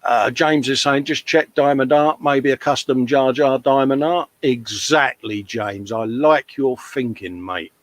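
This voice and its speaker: A man's voice: mid-range voice, measured pace, hardly any pauses, no room sound. A man hosting a casual live show, reading out viewer comments with jokey banter and calling everyone mate.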